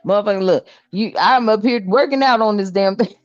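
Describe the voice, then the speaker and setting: A woman's voice: mid-range voice, a little fast, dry recording, dull audio, soft background music. A woman giving a casual spiritual card reading, blunt and profane, laughing often as she talks.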